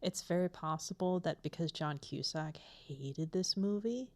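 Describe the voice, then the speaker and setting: A young woman co-hosting a podcast in casual chat, wry and quick with a joke. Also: low-pitched, a little mellow. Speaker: podcast co-host.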